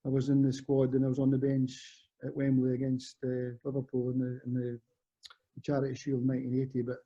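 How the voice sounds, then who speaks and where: A man's voice: mid-range voice, monotone, fairly quick, dark tone. A Scottish man in his fifties, a former footballer and guest, telling rambling stories that often correct themselves. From Scotland. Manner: rambling, self-correcting storyteller. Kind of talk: casual chat. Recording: muffled lo-fi audio.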